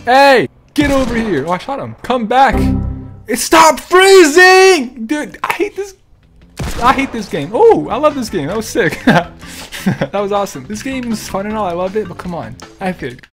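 A young man streams gameplay, reacting excitably, yelling and laughing at the game. His pitch swings widely. Faint music plays underneath. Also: moderate pace. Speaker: gaming streamer. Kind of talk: live gameplay commentary.

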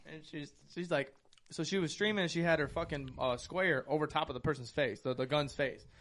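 Young guy on a podcast, highish voice, swears a lot, super animated. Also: fairly quick. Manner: animated, profane, storytelling. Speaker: podcast host. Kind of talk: casual chat.

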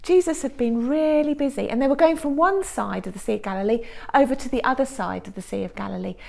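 A woman presenting a children's assembly and telling a story in an expressive way, dropping to hushed whispers and then rising to excited, louder bursts. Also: fairly high pitch, fast talker, vocal fry.

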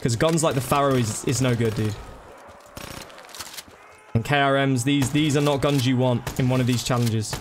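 A man's voice: mid-range voice, fairly even intonation, normal speed, long pauses, slight background noise. A man chatting casually to viewers during a live gaming stream, thanking them by name and calling them bro and dude.

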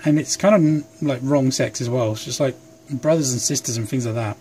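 A man's voice: medium pitch, normal speed, a little mellow, slight background noise. A young man chatting casually and rambling while he works at his bench, recorded on a phone, a little sleep deprived. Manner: rambling, chatty, self-deprecating. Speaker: hobby craft vlogger. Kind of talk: casual chat while working. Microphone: phone camera.

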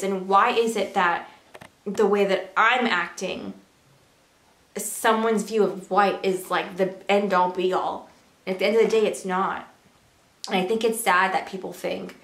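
A woman's voice: medium pitch, fairly even intonation, moderate pace, fairly bright tone. A young woman vlogging to camera in a casual, earnest way, full of rhetorical questions. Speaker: beauty and lifestyle vlogger. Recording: echoey room.

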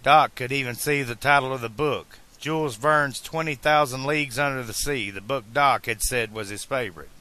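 A man narrating a fan-made audiobook in a slow, deliberate reading style. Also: mid-range voice, pushed and bright.

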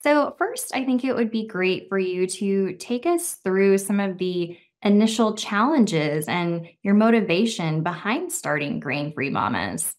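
A woman's voice: mid-range voice, expressive, unhurried, few pauses. A woman hosting an interview show, reading a polished introduction and asking questions. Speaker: podcast host. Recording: faint music behind.

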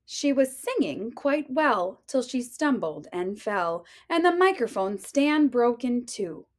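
A woman's voice: a little high, very animated, takes it slowly. A woman teacher reading a rhyming picture book aloud with a sing-song delivery. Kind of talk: storybook read-aloud.

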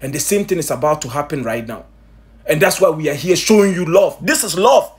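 A man's voice: fairly high pitch, brisk. A man preaching with urgent emphasis, repeating himself, stammering restarts and asking his listeners rhetorical questions. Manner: stammering restarts when excited. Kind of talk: impassioned sermon commentary.

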